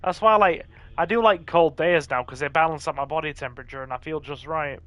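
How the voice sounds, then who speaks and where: A man from northern England hosts a live gameplay stream, reacting to the game and chatting with viewers as he reads and answers their messages. He speaks quickly in a slightly high, somewhat bright voice. There's a faint hiss or hum in the audio.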